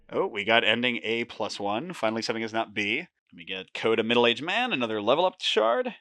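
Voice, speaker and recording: Brief: male board game host, lively pitch, dramatic story reading mixed with casual rules chat. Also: a little fast, few pauses, dry recording. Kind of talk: reading story text and explaining game moves.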